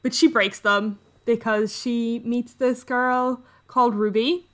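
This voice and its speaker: A woman's voice: on the high side, steady tone, slow. A woman co-hosting a podcast, casually retelling a book's plot and acting out the characters' lines. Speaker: podcast co-host. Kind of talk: casual book discussion.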